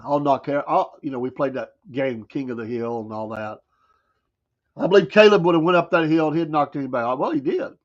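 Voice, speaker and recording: A man with a Southern American accent hosts a morning talk show, riffing in a folksy, wry manner and tossing in mocking asides during a casual talk radio monologue. His voice is mid-range and fairly quick, and the audio sounds dull.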